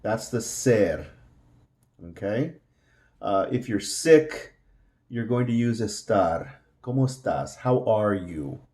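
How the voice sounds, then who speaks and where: Patient male teacher, warm and relaxed tone, repeats words for learners. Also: lowish voice, slow, pauses often, roomy sound. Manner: patient, repeats each word several times. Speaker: Spanish teacher. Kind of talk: slow classroom explanation.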